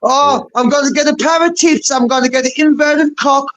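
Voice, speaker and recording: A man with a Mackem Sunderland accent talks in a high voice during a rowdy live-stream panel. He is crude, boastful and combative, always spoiling for a row. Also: fairly even intonation, normal speed, a loud crowd. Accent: Mackem (Sunderland English). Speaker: panel guest. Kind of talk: heated live-stream banter.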